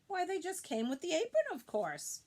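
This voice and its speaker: A woman's voice: extremely high pitch, wildly swooping pitch, normal speed, a little mellow, voice pushed up, exaggerated voice. A woman doing a puzzled, kindly man. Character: kindly man covered in pockets.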